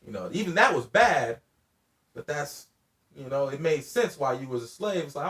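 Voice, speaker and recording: A man's voice: on the high side, very animated, normal speed, a bit bright, distant mic. A young man hosting a casual podcast, rambling and profane, laughing often. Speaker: podcast host. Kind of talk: casual chat.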